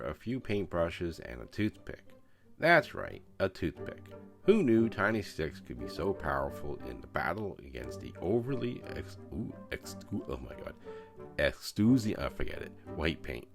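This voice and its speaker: Deep gravelly man, joking. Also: fairly bright tone. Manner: joking, self-mocking banter. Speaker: scale model builder. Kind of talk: voice-over narration of a hobby build.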